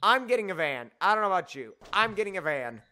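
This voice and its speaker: Fast, bright, and forceful, this young man's high-pitched voice is very animated as he hosts a laid-back gaming video. He keeps teasing the friend he's playing with, laughing often and sounding exasperated.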